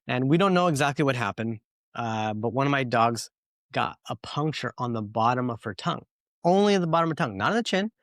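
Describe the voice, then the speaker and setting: Male podcast host, casual and rambling, animated when telling stories, dry sound. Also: mid-range voice, fast, no echo. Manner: rambling, filler-heavy, animated storytelling.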